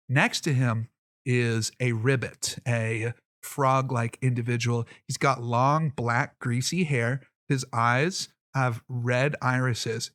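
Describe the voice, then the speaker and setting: Game master, male; steady descriptive narration, dry close sound. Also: medium pitch, no echo. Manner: descriptive, scene-setting narration.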